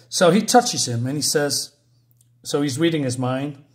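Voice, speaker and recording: Guy rambling through a comic recap, lots of um and right, laughs along, voice on the higher side. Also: lively intonation, unhurried. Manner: rambling, chuckling, full of "so, um, right?". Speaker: comic book reviewer.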